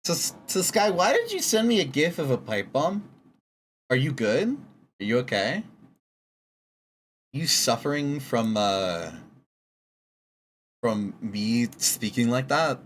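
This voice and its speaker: Lively streamer with sudden high squeaks. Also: slow, long pauses, slight background noise. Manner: talks to chat, teasing, with sudden high squeaks. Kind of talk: casual livestream chat while drawing.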